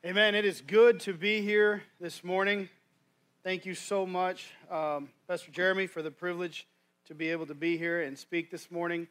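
A man's voice: sits high, level tone, normal speed, a bit bright. Folksy man preaching in a church. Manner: folksy, conversational, many restarts. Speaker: guest preacher. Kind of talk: sermon. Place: church sanctuary.

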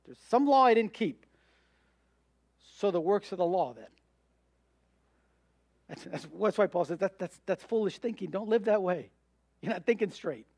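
A man's voice: high voice, lively intonation, normal speed, vocal fry, long pauses, darkish tone, no room sound. A man preaching a sermon as pastor, emphatic, answering rhetorical questions and acting out voices of doubt.

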